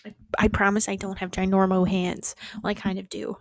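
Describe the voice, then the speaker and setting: Twenties woman vlogger, fast sardonic rambler, mic right at the mouth, no room sound. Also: medium pitch, flat delivery, no echo, studio quality. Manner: fast-talking, swears freely, sarcastic asides. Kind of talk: rambling casual chat. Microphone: close mic held near the mouth.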